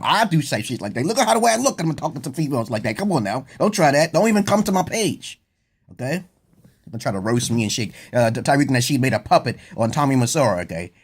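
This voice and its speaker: A man vlogging a rambling comedic monologue, swearing freely, drifting off topic and jumping suddenly into a high, excited voice. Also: husky. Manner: profane, digressive, often breaks into laughter.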